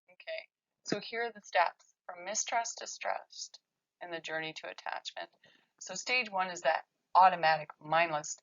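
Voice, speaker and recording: Woman lecturing, low voice, dull recording. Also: normal speed, a bit bright. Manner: conversational, often checks in with "okay?". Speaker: child therapist. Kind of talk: workshop lecture.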